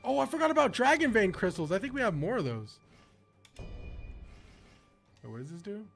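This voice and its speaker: A man streaming a video game who tells stories in an animated, slangy way and laughs often. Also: high-pitched, moderate pace, gravelly, faint music behind. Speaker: gaming streamer. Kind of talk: casual storytelling while playing.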